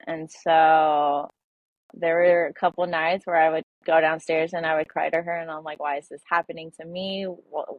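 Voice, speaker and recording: A woman's voice: low voice, dry recording. A young woman in her twenties, a podcast guest, telling a personal story with many fillers and restarts. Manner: halting, filler-heavy, emotional retelling. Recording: dull lo-fi dry audio.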